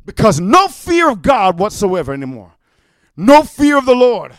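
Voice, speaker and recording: A male preacher with a high, smooth, resonant voice delivers a fiery sermon. He shouts often and keeps calling "amen?" to his congregation. The sound is dry and close, with no room echo. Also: huge pitch swings, moderate pace.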